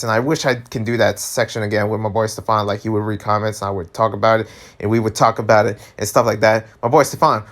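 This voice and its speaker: A man vlogging in a casual rant, animated and exasperated, laughing often and tripping over his words. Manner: animated, exasperated, pitch jumps high when worked up.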